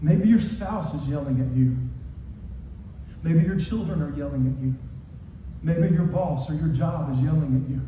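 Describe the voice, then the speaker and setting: A male pastor preaching a sermon with emphatic repetition, moving from raised, shouted lines to soft ones. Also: on the high side, normal speed, pauses often, slight background noise. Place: church hall. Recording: echoey hall from far off, dull.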